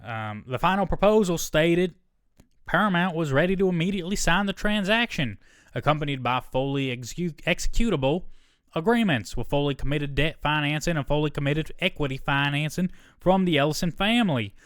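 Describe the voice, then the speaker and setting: A male podcast host reads a news article aloud and breaks off for casual asides and quick corrections. His voice is smooth and resonant at a middle pitch. The sound is dry and close, with no room echo. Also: animated, a bit bright. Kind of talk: solo podcast, reading a news article with commentary.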